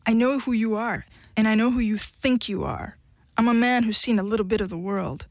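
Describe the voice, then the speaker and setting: A woman's voice: a little high, brisk, dry recording, clean studio sound, natural voice. A woman voicing a jealous, pleading man who turns tearful, in an audiobook reading. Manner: pleading, wounded delivery. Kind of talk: audiobook character voice.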